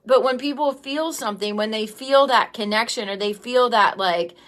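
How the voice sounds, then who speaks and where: A woman's voice: a little high, moderate pace, a bit bright. Tearful woman rambling on a livestream. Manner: rambling, heartfelt, many "um" and "like" fillers; greets live viewers by name. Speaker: livestream host and business coach. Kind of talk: casual livestream talk.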